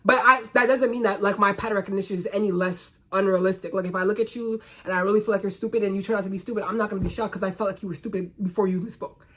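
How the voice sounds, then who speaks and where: A woman's voice: mid-range voice, steady tone, very fast, hardly any pauses, slight background noise. A young woman from the United States delivering a blunt, profane, sarcastic rant straight to camera as a vlogger. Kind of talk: casual ranting monologue to camera.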